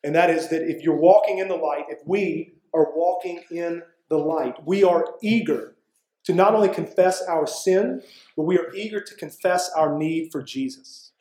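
Speaking at a moderate pace, a pastor gives an earnest, chatty sermon and keeps checking in with the congregation by asking "right?" His voice is warm and a little high. It's a low-quality recording with a roomy sound.

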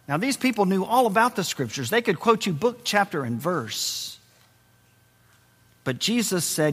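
A man preaching a sermon, lively and expressive, dropping to a low, quiet voice to stress key points. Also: unhurried, in a large hall. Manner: expressive preaching, drops to a low hush for emphasis. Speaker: pastor.

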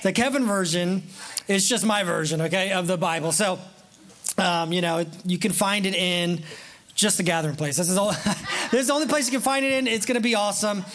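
Casting: high-pitched male pastor, excitable and playful, joking with the congregation from the pulpit. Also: fairly quick, a little hiss or hum. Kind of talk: sermon. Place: church sanctuary.

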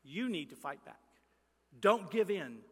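A male pastor, preaching a sermon with emphatic, repetitive lines that swing between loud and hushed. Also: high voice, lively intonation, measured pace, slightly rough, long reverb tail.

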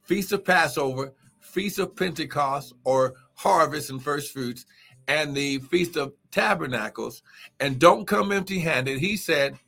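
A man's voice: on the high side, measured pace, creaky, bright, forceful tone, faint music behind. A man preaching a live morning sermon as pastor, exuberant and repetitive, calling out praise and urging listeners on. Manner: repeats phrases and urges listeners to get it.

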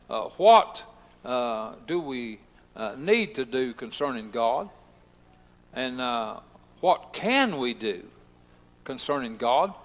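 Fervent high-voiced male pastor preaching. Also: pushed and bright. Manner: fervent, many "uh" fillers, rising to chanted emphasis. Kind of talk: sermon. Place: church sanctuary. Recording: hall reverb.

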